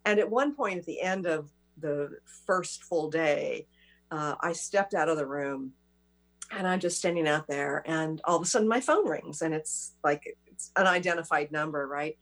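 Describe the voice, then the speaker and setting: Woman talk-show host, lower pitch, easy chat, lots of affirming. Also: normal speed. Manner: warm listener, frequent affirmations. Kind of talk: casual interview chat.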